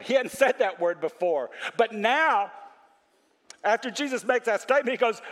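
A man preaching a sermon, animated, quoting scripture and asking his congregation questions. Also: sits high, moderate pace, in a large hall. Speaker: pastor.

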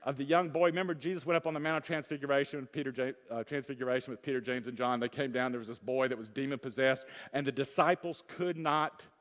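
Fervent pastor preaching in a reverberant hall. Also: male voice, mid-range voice, fairly even intonation, fast, hardly any pauses, a bit bright. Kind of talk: sermon. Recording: long reverb of a church hall.

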